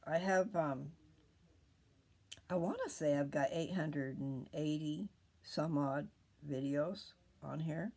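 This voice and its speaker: Slow, gravelly older woman. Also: deep voice, mellow. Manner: rambling, pauses often, loses her train of thought; drifts into whispers. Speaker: video host reading scripture. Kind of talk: casual scripture talk.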